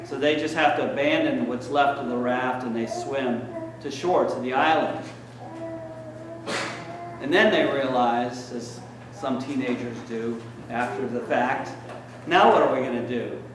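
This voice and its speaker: A man's voice: medium pitch, fairly even intonation, unhurried, noisy background. A man giving a sermon as a priest, telling stories in a conversational way with plenty of fillers. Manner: conversational storytelling, frequent fillers. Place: church. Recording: echoey church room, mic at a distance.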